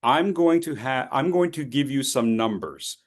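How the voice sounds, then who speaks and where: Male voice coach, very lively pitch, slow unhurried delivery, swings loud and soft. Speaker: public speaking coach. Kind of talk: online voice workshop.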